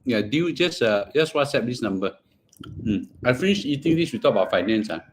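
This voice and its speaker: A man's voice: mid-range voice, lively intonation, brisk, a little hiss or hum. A middle-aged man with a Singaporean English accent, hosting a casual livestream, chatting in Singlish with bits of Mandarin and murmuring between bites. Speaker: finance livestream host.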